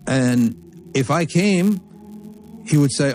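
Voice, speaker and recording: A man giving a religious lecture, telling a story from Arabic texts and explaining it in English with animated, emphatic delivery. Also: medium pitch, normal speed, faint music behind. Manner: emphatic, repeats phrases for stress. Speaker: Islamic teacher.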